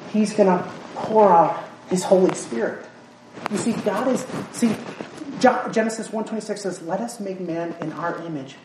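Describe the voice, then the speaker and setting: Woman preaching in an echoey room. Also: mid-range voice. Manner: earnest, repeats words, quotes scripture in old-fashioned wording. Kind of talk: sermon. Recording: echoey room, voice from far off, noisy.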